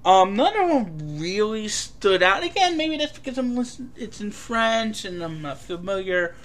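A man giving a casual, rambling film review, full of fillers and an animated delivery. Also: high voice, measured pace.

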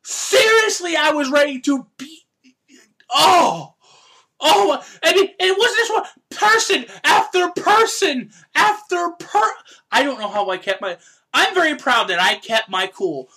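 A woman hosting a podcast, ranting in an animated, exasperated way with loud outbursts. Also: high voice, measured pace. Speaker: podcast host. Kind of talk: casual podcast rant.

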